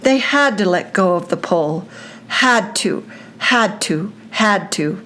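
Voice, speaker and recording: An older woman reading a children's story aloud, with a slow, deliberate storytelling delivery. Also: medium pitch, animated, sharp tone, a little hiss or hum.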